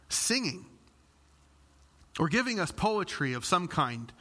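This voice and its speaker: A middle-aged male pastor preaching a sermon, telling a story with lively acted-out quotes and humor. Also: on the high side. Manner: animated storyteller, acts out quotes.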